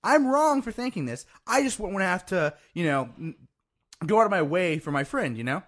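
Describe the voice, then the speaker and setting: A man with a high, lively voice that jumps around as he talks fast in loose podcast banter. He is self-deprecating and laughs easily, getting carried away with his own tangents. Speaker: podcast co-host. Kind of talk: casual banter.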